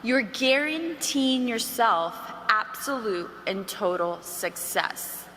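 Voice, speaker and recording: A woman giving an energetic sales training talk to a room, coaxing the audience with questions. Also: on the high side, slow pace. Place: large hall with an audience. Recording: archived talk in a roomy hall with faint noise.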